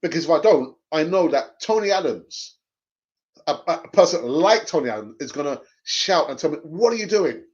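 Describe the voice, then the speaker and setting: A man's voice: on the high side, expressive, normal speed. A man hosting a live fan stream, reading viewer comments and arguing his views with passion, often repeating phrases for emphasis. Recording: dull lo-fi stream audio.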